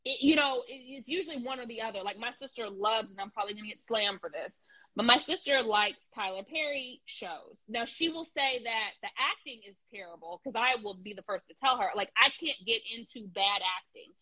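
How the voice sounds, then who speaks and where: A woman in casual podcast chat, talking in an animated, slangy, emphatic way. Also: on the high side, brisk, low-quality recording.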